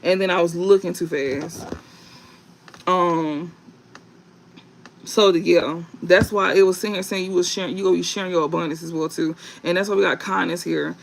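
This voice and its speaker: A man giving a casual tarot reading to viewers, rambling and halting with many fillers and restarts, and reading card meanings aloud. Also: high voice, steady tone, creaky, slight background noise, rough recording. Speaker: tarot reader.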